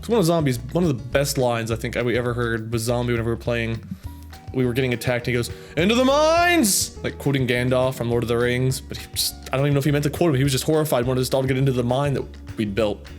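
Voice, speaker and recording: Brief: male gaming host, mid-pitched, chatty and self-amused while reading comments, soft music underneath. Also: steady tone, racing. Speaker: YouTube gaming channel host. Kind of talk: casual reading of viewer comments.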